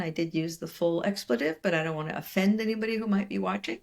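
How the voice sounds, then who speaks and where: An older woman, a professor as interview guest, telling animated stories in conversation and acting out quoted voices. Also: fairly low pitch, fairly quick, gravelly. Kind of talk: storytelling in conversation.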